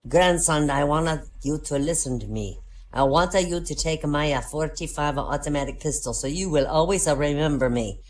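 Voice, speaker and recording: A woman's voice: low voice, a little mellow, close to an everyday voice. A woman putting on an old Italian mafia don. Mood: stern. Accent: Italian-accented broken English (put on). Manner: halting, stern, lecturing with pauses.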